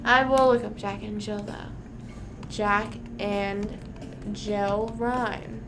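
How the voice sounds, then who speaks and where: A woman's voice: mid-range voice, steady tone, takes it slowly, noisy background. A young woman hosting a casual livestream, chatting with viewers and reading nursery rhymes aloud. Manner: chatty, reads rhymes aloud to chat, sings snippets. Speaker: livestream host. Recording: music playing behind her voice.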